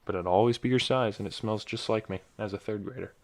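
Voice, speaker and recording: Low-voiced rambling young man hosting. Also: fast. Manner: rambling, self-correcting, jokey. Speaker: podcast host. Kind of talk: casual solo podcast monologue.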